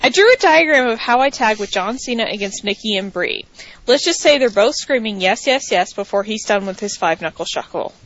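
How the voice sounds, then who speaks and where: A woman's voice: a little high, animated, brisk, fairly bright tone, no room sound, highs cut off. A woman from the American South co-hosting a podcast, reading listener captions aloud in a mock-dramatic way. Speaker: podcast co-host.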